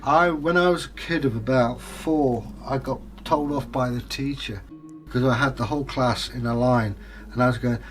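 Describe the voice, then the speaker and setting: A man's voice: medium pitch, normal speed, soft background music. Rambling man in his sixties. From England. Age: 60s. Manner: rambling, anecdotal, easygoing. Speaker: co-host reading viewer comments. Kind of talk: casual chat.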